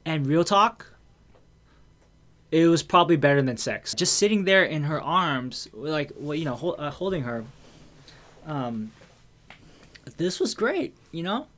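A man's voice: fairly high pitch, lively intonation, a little slow, long pauses, a bit bright. Candid, swearing man telling a story. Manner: candid, swears freely, many fillers and restarts. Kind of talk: casual storytelling.

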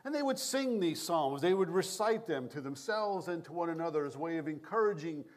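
A man pastor preaching a sermon in a measured, prayerful cadence, reading scripture and leading prayer. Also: fairly high pitch, animated. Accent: New York.

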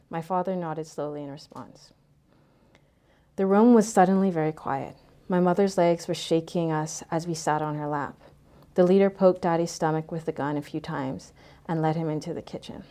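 A woman reads a first-person story aloud, her voice low and mellow. She keeps a measured pace and lets each phrase trail off softly. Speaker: narrator.

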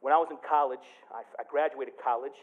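A man preaching a sermon as pastor, telling a story with big swings from quiet to loud. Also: medium pitch, steady tone, quick pace, phone-quality sound. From Michigan.

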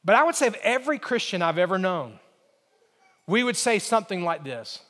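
A male pastor delivers a sermon in a high voice. He uses emphatic, repeated phrases that rise in force and then fall soft. His voice rings through a church sanctuary with a long reverb trail. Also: sing-song, a little fast. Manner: emphatic, repetitive preaching cadence with rising build-ups and quiet drops.

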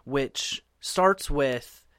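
A man's voice: medium pitch, very slow, a bit bright, clear, resonant tone, no room sound, clean studio sound. A man in casual chat, retelling TV scenes and quoting characters.

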